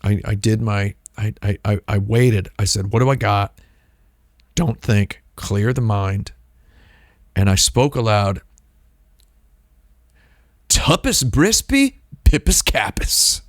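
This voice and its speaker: A man hosting a live stream, talking in a rambling, deadpan comedic monologue and playing with made-up words. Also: unhurried, no echo, clean studio sound. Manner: deadpan, playful with invented words, lively pitch swings. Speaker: streamer host.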